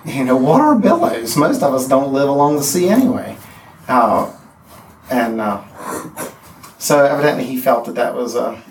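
A man teaching a poetry class, speaking haltingly with restarts and counting out the beats of meters. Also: medium pitch, a little hiss or hum. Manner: halting, many restarts and fillers, counts out rhythms. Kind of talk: classroom lecture. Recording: echoey room from far off.

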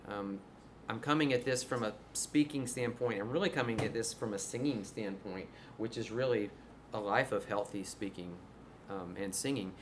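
A man's voice: on the low side, moderate pace, noisy background. A man, a music teacher giving a conversational workshop presentation to other teachers. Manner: conversational, demonstrates his voice registers. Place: room before a live audience.

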